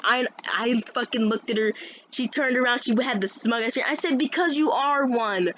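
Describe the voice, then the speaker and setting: A woman's voice: fairly high pitch, fairly even intonation, moderate pace, fairly bright tone. A woman vlogger telling a story as a casual rant, rambling and swearing a lot, with many restarts. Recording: dull lo-fi sound with faint noise.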